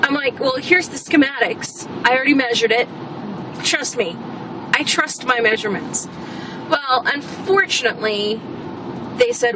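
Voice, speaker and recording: A woman's voice: high voice, lively intonation, unhurried. A woman venting in a casual, blunt rant as a homeowner, exasperated and swearing freely. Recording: background traffic noise.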